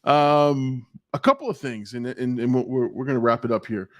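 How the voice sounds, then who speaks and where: A man's voice: medium pitch, steady tone, normal speed, no room sound. A man hosting a live stream, chatting casually, laughing and swearing as he tells stories. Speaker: show host.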